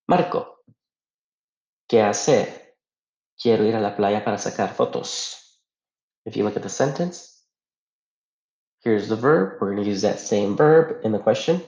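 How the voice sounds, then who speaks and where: A man's voice: lowish voice, lively intonation, normal speed, long pauses, a little mellow. A man teaching a Spanish grammar lesson, explaining patiently step by step and asking rhetorical questions. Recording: echoey room, dull lo-fi sound.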